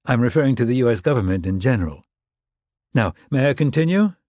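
A man voicing a smooth-talking former Marine turned manager, disarming and polite with a hint of nerves, in an audiobook. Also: mid-range voice, expressive, quick pace, a little mellow, no room sound, studio quality, lightly acted. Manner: disarming, polite, a bit nervous.

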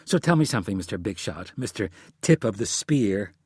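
A man voicing a furious, sharp-tongued wife in an audiobook, speaking in a raised, sarcastic and snapping manner. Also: on the low side, lively intonation, brisk, breathy edge, dry recording, clean studio sound. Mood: mocking.

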